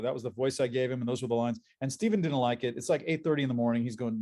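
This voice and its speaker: A man who works as a voice actor, guesting on a convention panel and telling animated anecdotes, repeating words as he restarts. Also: medium pitch, quick pace, hardly any pauses.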